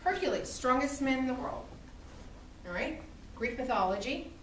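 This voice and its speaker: High-voiced woman teaching in an echoey room. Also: normal speed, a little hiss or hum. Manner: animated storytelling with acted-out quotes. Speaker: literature teacher. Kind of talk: classroom lecture. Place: classroom. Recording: echoey classroom from far off.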